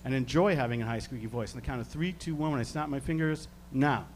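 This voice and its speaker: A man from Canada, working as a stage hypnotist, giving slow, soothing suggestions and chuckling between them. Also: medium pitch, a little hiss or hum. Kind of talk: live hypnosis demonstration.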